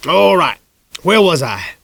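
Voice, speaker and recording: A man's voice: high voice, very animated, measured pace, vocal fry, fairly bright tone, husky, no echo, voice pushed up, full character voice. A man reading an audiobook, voicing a folksy, chatty small-town gas station man.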